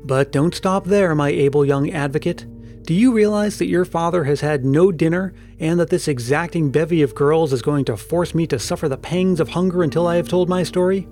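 A genial, teasing mine-owner father, read by a man in a storybook serial. The voice sits a touch high, with faint music behind. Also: fairly quick, darkish tone, close to an everyday voice.

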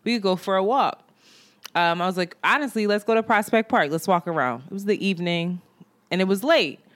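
Animated woman telling a dating story. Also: mid-range voice, brisk. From New York. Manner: animated, laughing storyteller, quotes people in voices. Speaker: podcast co-host. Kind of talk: casual chat, storytelling.

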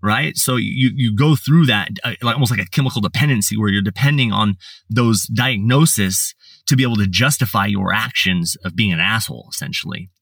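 Blunt, plain-talking man with a low voice, recorded dry and a little distant from the mic. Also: brisk, creaky, a bit bright, husky, no echo. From United States. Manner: blunt, swears, lots of fillers and restarts. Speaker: podcast guest. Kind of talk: casual storytelling.

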